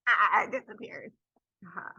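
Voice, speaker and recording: A woman leading a children's storytime, gently encouraging kids and singing along. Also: medium pitch, animated, moderate pace, gravelly, slightly rough, no room sound, highs cut off.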